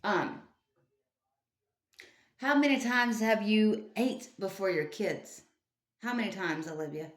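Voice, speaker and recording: An online commentator, a woman with a medium-pitched voice, rants indignantly in a commentary video, scolding through repeated rhetorical questions. She speaks slowly and pauses often. The recording has a roomy echo.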